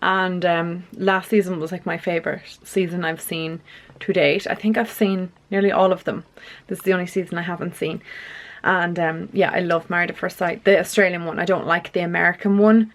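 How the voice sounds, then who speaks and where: Chatty woman vlogging, a bit breathless. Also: fairly low pitch. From UK or Ireland. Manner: chatty, lots of "like" and "um", laughs easily. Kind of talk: casual vlog chat. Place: home kitchen.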